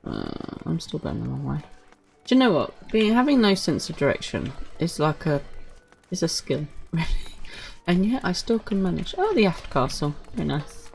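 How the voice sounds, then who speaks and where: A woman's voice: sits low, huge pitch swings, normal speed, gravelly, a little mellow. A woman streaming a video game, chatting casually and poking fun at herself as she plays. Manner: chatty, self-mocking and apologetic. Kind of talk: casual live-stream commentary.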